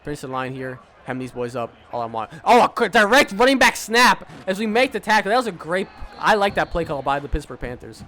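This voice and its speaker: A man's voice: high-pitched, big pitch swings, fairly quick, hardly any pauses, bright, forceful tone. A man streaming a football video game, giving casual play-by-play commentary full of trash talk and swearing. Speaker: gaming streamer.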